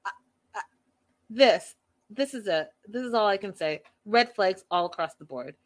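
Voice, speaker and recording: A woman's voice: medium pitch, expressive, normal speed, pauses often. A woman hosting a reaction show in casual commentary, speaking emphatically and with exasperation, repeating her points.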